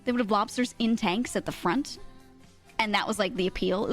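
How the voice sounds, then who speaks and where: A young woman streamer telling a story in casual chat, animated, laughing often and full of fillers. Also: mid-range voice, fairly quick, soft background music.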